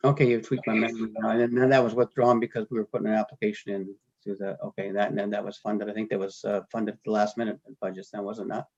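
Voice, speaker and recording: A man, a city councillor, asking questions at a meeting in a quick, stumbling way. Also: fairly low pitch, little pitch movement, a little mellow, breathy edge, highs cut off.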